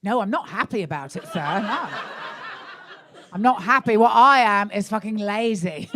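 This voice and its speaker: A woman's voice: mid-range voice, normal speed, noisy background. A middle-aged woman doing live stand-up in a comedy club, blunt and sweary, teasing audience members about their relationships. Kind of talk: live stand-up crowd work.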